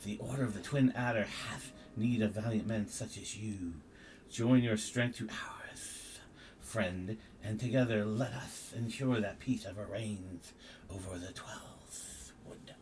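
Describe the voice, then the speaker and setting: A solemn officer speaking low and hushed, as a man reads him out of a game. The words come slow and half-whispered, with a faint hiss behind. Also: close to an everyday voice, rough recording.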